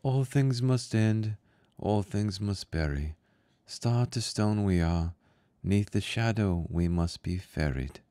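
A man's voice: lowish voice, slow, dark tone, no echo, pitched above the performer's own voice. A man voicing a wild, frightened young boy who cries out shrilly as he grieves. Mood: grieving.

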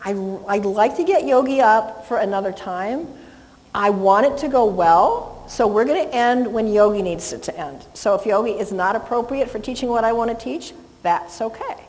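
An animated woman dog trainer talks a class through handling reactive dogs, her voice sitting slightly high. She is casual and chatty, and the sound carries a long hall reverb. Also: normal speed. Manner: chatty, animated, praises the dog in a soft coo. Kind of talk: live class instruction.

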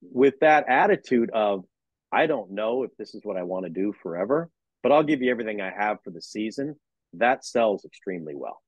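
A man's voice: lowish voice, brisk, dry recording, dull audio. A man who teaches sports management and works as a broadcaster, speaking as an interview guest on a video call and acting out conversations with his students. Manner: animated storyteller who acts out dialogues with students. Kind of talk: casual interview talk.

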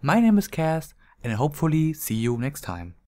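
A man's voice: fairly high pitch, very animated, moderate pace. Man with a German accent reviewing. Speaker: game map reviewer. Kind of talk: scripted review narration.

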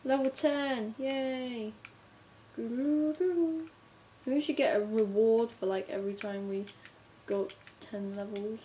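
A woman gives unhurried, relaxed commentary on her game, her voice pitched a little high and warm in tone. She chats to herself and the viewer, bursting into sudden excitement at her finds. Faint noise sits behind her on the recording. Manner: chatty, talks to herself while playing, bursts of excitement. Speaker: gamer narrating her play. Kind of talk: casual gameplay commentary.

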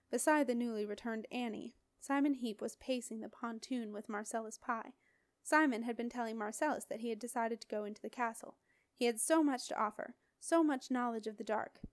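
Expressive woman reading an audiobook. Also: on the high side, no room sound, studio quality. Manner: expressive, dramatic storytelling. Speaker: audiobook reader. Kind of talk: audiobook narration.

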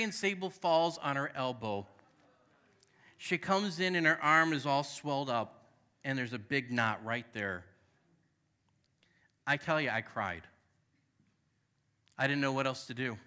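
Bright, forceful male pastor preaching. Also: mid-range voice, measured pace, long pauses. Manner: emphatic, conversational preaching with calls to the congregation; tells personal stories with candid, self-deprecating asides. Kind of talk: sermon. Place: church sanctuary.

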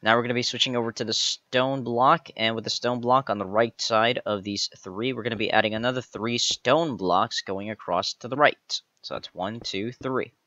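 Bright-voiced man counting blocks aloud. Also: mid-range voice, normal speed, hardly any pauses, no room sound, highs cut off. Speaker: tutorial host. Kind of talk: step-by-step game tutorial voice-over.

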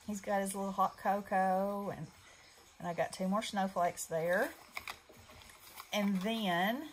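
In a relaxed craft show-and-tell, a middle-aged woman who runs a craft channel talks through her handmade pieces, rambling and filling gaps with fillers. Her voice sits in the mid range. The audio is poor, with slight background noise.

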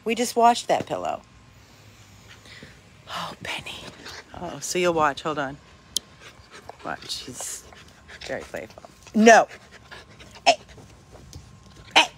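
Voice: wildly swooping pitch, a little slow, creaky, long pauses, a bit bright, a little hiss or hum. Older dog rescuer coaxing a puppy. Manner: talks to the dog in high coaxing calls between plain remarks. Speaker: dog rescuer showing a dog for adoption. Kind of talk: casual talk while playing with a dog. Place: home with a dog, in hot weather.

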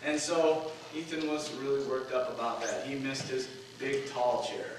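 A man in his forties preaching a sermon, telling a personal story in a self-deprecating way with frequent filler pauses. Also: medium pitch. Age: 40s. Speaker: pastor. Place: church sanctuary. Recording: distant, very echoey church recording with noise.

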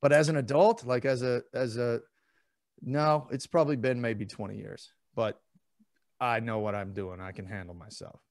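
A man's voice: medium pitch, fairly even intonation, moderate pace, no echo. Joking man, dry close sound. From East Texas. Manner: self-deprecating, joking, many restarts. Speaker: actor, guest. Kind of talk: casual interview.

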